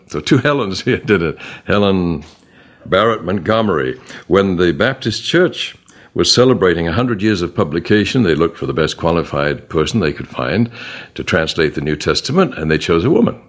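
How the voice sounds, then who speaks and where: A man giving a Bible study lecture, reading verses aloud and naming their punctuation. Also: low-pitched. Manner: reads verses aloud with punctuation, animated emphasis. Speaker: Bible teacher.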